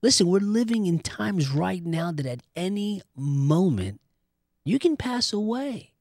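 A man's voice: high-pitched, big pitch swings, measured pace, vocal fry, a little mellow, no room sound. Fervent man preaching, dry close sound. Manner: fervent, insistent. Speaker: host. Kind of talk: preaching and prayer.

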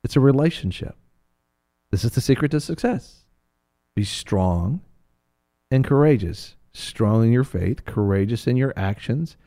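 A man teaching from the Bible in a preaching talk, animated and playful, acting out voices of biblical figures. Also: mid-range voice, a little slow, long pauses.

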